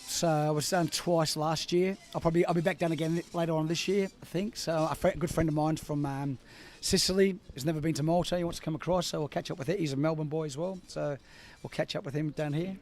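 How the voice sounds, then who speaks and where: Fast-talking Scottish man. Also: fairly high pitch, a little mellow. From Glasgow, Scotland. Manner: easygoing, dry humour. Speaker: guest commentator. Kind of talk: casual chat.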